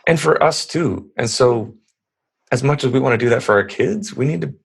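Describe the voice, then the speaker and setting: Man in his thirties, husky voice, rambling, earnest storytelling. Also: medium pitch, normal speed. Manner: rambling, earnest, lots of restarts. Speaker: guest. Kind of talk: casual conversational storytelling.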